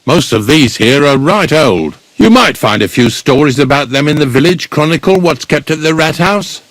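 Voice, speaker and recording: A gruff old gravedigger. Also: male voice, on the high side, expressive, normal speed, fairly bright tone, dry recording. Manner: grumbling, blunt, folksy. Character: gruff older village gravedigger, blunt and grumbling. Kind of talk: video game dialogue.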